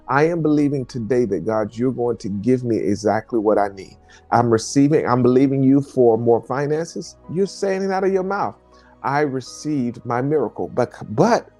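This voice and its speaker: A pastor preaching on a livestream, leading viewers in repeated declarations and calling out to them by name. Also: male voice, medium pitch, warm tone. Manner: addresses viewers by name, speaks to the camera. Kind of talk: livestream sermon and prayer call.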